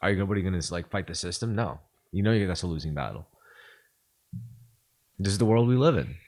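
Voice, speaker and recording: A man with a very low voice, hosting a podcast in loose, rambling conversation. He swears freely and fills his sentences with "like" and "you know". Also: expressive, quick pace, darkish tone. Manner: casual and profane, rambling with lots of fillers. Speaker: podcast host. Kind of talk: casual podcast chat.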